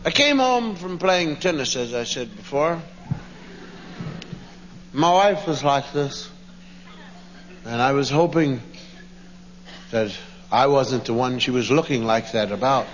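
A man's voice: mid-range voice, animated, takes it slowly, pauses often. A man doing stand-up, telling family stories and acting out the voices of his wife and children, recorded live in a hall. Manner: acts out family voices, squealing child impressions. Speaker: stand-up comedian. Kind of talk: stand-up storytelling. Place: stage before a laughing audience. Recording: dull live recording in a hall with ambient noise.

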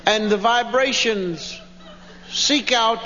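A man's voice: very high voice, slow pace, bright, forceful tone. A man doing stand-up, telling family stories and acting out the voices of his wife and children, recorded live in a hall. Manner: acts out family voices, squealing child impressions. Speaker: stand-up comedian. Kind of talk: stand-up storytelling. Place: stage before a laughing audience. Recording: dull live recording in a hall with ambient noise.

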